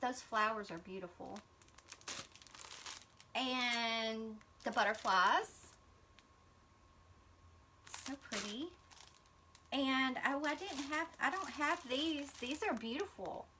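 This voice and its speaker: A woman's voice: on the high side, slow, pauses often, bright, forceful tone, a little hiss or hum. A middle-aged woman, hosting a casual craft livestream and gushing to her viewers as she unpacks gifts. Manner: gushing, chatty, addresses viewers as y'all.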